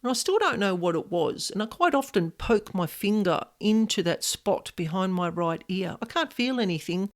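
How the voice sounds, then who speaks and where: A woman hosting a podcast, telling a personal paranormal experience in a casual, expressive way with many "like" fillers. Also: medium pitch, normal speed, hardly any pauses. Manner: animated, expressive, frequent "like" fillers. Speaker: podcast host, paranormal specialist. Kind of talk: casual storytelling monologue.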